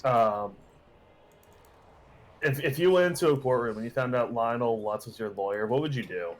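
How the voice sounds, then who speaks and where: A man's voice: mid-range voice, normal speed. A young man in casual chat with friends on a live stream, joking and swearing, often dropping into silly voices.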